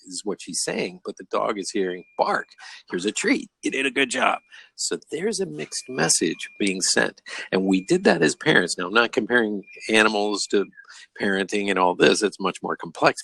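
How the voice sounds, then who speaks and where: An older man talks through stories in a casual video-call chat, his low voice gravelly and a little husky. He often slips into the voices of the people he quotes. The sound is close and dry, with no room around it. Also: no room sound. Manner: animated storyteller who acts out quoted voices. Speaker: host. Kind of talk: casual storytelling discussion.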